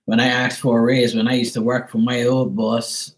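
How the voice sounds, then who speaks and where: A man's voice: mid-range voice, moderate pace, hardly any pauses, rough recording. A middle-aged man hosting a livestream, chatting casually and greeting viewers by name. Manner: relaxed, chatty, reads out viewers' names. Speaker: tarot reader on a livestream.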